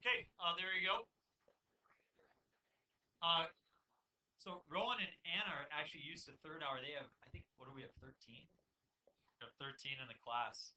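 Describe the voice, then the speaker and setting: Bright-voiced man teaching a class. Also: fairly high pitch. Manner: informal, talks to students directly with quick asides. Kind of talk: classroom math lecture. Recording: distant classroom recording with faint noise.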